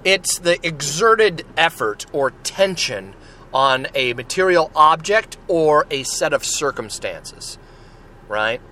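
A man's voice: on the high side, sing-song, slow pace, pushed and bright, a little hiss or hum. A man hosting a solo podcast, talking in a rambling, chatty way and often checking in with "right?". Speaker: podcast host. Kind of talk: casual solo podcast talk.

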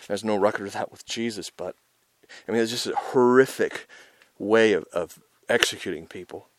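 A man preaching an informal, intense sermon as the host of his show, talking in a conversational way with many asides and rising loud on his emphasis. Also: lowish voice, normal speed.

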